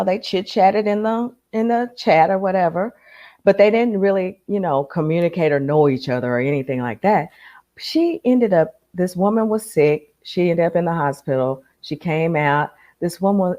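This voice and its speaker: A woman's voice: medium pitch, darkish tone, highs cut off. A woman chatting on a podcast, telling stories with emphasis and calling people darling and honey. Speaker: podcast guest. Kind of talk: casual podcast chat.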